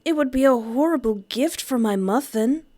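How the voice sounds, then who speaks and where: A woman's voice: high voice, lively intonation, normal speed, mellow, voice pushed up. Woman reading as a clingy, obsessive young man. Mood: doting. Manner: pleading, clingy. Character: obsessive, doting young man, a college student. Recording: background music under voice.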